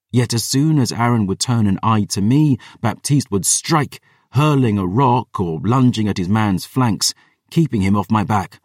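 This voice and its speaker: Man, audiobook narrator, first-person fantasy, dramatic and intense, lowish voice, dry sound, set back from the mic. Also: dry recording, distant mic.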